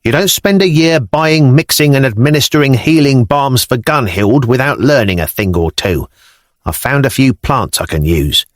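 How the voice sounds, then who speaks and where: A male narrator voicing a sharp-tongued young woman healer who gives brisk commands in an audiobook. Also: medium pitch, lively intonation, no room sound, studio quality, natural voice. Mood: bossy.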